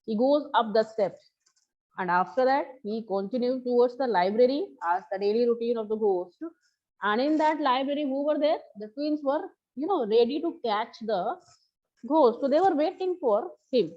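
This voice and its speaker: A woman teacher with a fairly high voice walks a class through a story. She repeats and paraphrases each line as she explains it. The recording is slightly dull and lo-fi. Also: normal speed.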